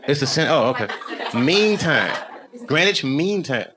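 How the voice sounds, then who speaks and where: A man's voice: a little high, big pitch swings, unhurried. A man doing a live stand-up set, profane and riffing with the crowd. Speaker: stand-up comedian. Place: live comedy venue. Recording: loud background noise.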